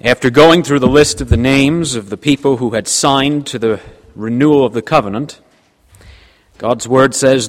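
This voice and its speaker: A man's voice: medium pitch, in a large hall. Stuffy-nosed man reading scripture. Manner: steady, measured reading aloud. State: stuffy nose. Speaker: pastor.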